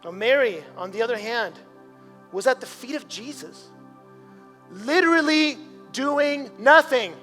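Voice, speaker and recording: A pastor delivers his sermon in a church sanctuary with a very high, bright voice and a forceful tone, expressive and unhurried, with long pauses. His style is conversational, repeating words and then building to emphatic climaxes. Soft background music plays, and a long reverb trails his words.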